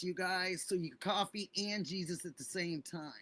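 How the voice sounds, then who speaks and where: A woman's voice: fairly low pitch, moderate pace, few pauses, a bit bright. A middle-aged woman hosting a casual livestream, chatting effusively and thanking viewers by name. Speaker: livestream host.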